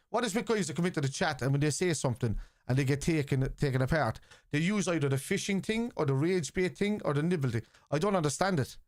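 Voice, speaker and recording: A man with a Scouse accent hosting a live football watchalong stream, reacting to the match and arguing bluntly with viewers in the chat, swearing freely and yelling out players' names. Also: fairly high pitch, no room sound, studio quality.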